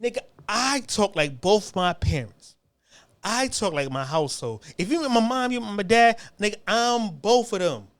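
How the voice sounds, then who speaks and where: High-voiced man on a heated rant. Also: expressive, moderate pace. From United States. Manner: rambling, repetitive, heated, frequent stammered restarts. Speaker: commentary channel host. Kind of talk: casual profane rant.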